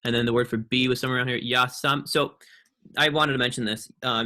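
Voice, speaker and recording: Young male student presenter, bright voice, halting, filler-heavy delivery. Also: medium pitch. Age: young adult. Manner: halting, many ums and restarts. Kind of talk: casual online presentation.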